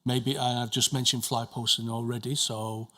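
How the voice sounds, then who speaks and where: A man's voice: mid-range voice, flat delivery, normal speed, bright, forceful tone. A man giving evidence as a witness at a formal inquiry, answering questions hesitantly with many restarts and repeated words.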